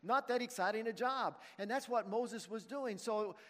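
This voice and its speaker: A man's voice: sits high, normal speed, a bit bright. A man preaching a sermon in a church, retelling a story and putting questions to his congregation. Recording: long reverb in a large hall.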